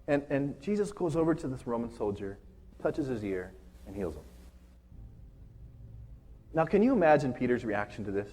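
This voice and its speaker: A man's voice: medium pitch, very animated, moderate pace, pauses often, darkish tone. A man preaching a casual, conversational sermon, retelling a story and often checking in with "right?". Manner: casual, chatty, keeps asking "right?".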